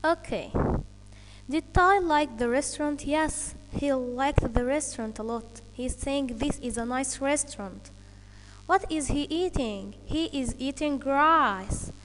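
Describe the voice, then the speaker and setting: A woman teaches English to children in a high, slow voice. She explains each point carefully and checks in with "okay" along the way. Her voice carries a long reverb. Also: a little hiss or hum. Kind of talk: online English lesson for children.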